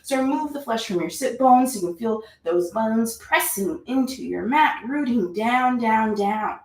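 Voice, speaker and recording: A woman's voice: medium pitch, roomy sound, poor audio. A woman leading a live yoga class, chatty and encouraging, repeating her cues. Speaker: yoga instructor.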